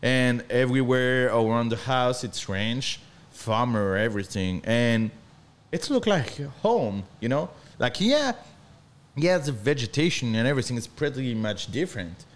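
A man from northern France with a French accent, talking as a guest in halting English full of restarts. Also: medium pitch, lively intonation. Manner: halting non-native English, frequent restarts, earnest. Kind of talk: casual chat.

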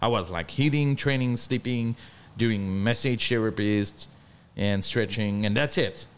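A man from northern France with a French accent, talking as a guest in halting English full of restarts. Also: fairly low pitch, clean tone. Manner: halting non-native English, frequent restarts, earnest. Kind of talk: casual chat.

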